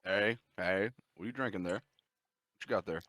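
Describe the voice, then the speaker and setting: A man's voice: deep voice, normal speed, sharp tone, dry recording, clean studio sound. A man co-hosting a casual podcast, chatting in a laid-back way. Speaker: podcast co-host. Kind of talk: casual chat.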